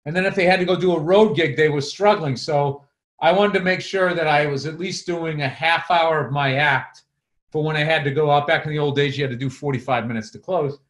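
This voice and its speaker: A man co-hosting a podcast, telling comedy club stories in a profane, animated way. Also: on the high side, a little fast, roomy sound. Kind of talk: casual storytelling chat.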